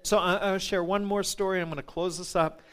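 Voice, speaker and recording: A man with a slightly high voice tells a personal story in an animated, conversational way. He is a nurse, laughs often, and stumbles over repeated words as he goes. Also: brisk, clear, resonant tone. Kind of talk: storytelling testimony.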